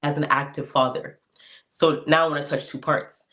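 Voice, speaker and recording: Animated, laughing man hosting a podcast. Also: a little high, moderate pace. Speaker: podcast host. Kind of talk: casual conversation.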